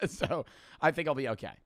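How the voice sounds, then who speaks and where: A man's voice: fairly high pitch, big pitch swings, measured pace. A man streaming his reactions to a video, talking casually in a rambling, jokey, profane way.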